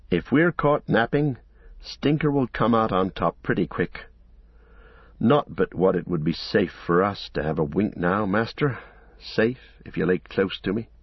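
A man's voice: low-pitched, husky, no echo, dull audio, heavily acted. A man doing a loyal, plain-spoken servant. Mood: protective. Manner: homely, plain-spoken country talk. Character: loyal, blunt male servant, stout-hearted. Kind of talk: audiobook character voice.

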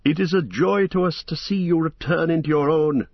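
A man's voice: fairly high pitch, moderate pace, dry recording, lo-fi sound, pitched above the performer's own voice. A man voicing a loyal, eager young male warrior who declaims in a storybook reading.

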